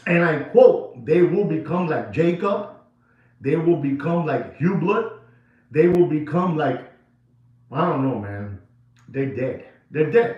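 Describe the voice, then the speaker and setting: Host, male, rambling and emphatic, lively pitch, recorded in a very echoey room. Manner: rambling, repetitive, emphatic, code-switching with Spanish. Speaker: watch channel host. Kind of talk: casual monologue to viewers.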